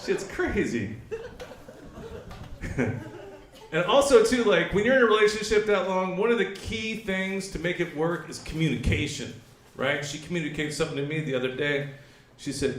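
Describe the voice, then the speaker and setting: A man's voice: fairly high pitch, moderate pace, roomy sound, slight background noise. A man doing a crude stand-up comedy set at a brewery, telling stories and acting out both sides of the dialogue. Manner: crude, animated storytelling with acted-out dialogue. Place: brewery comedy stage with a live audience.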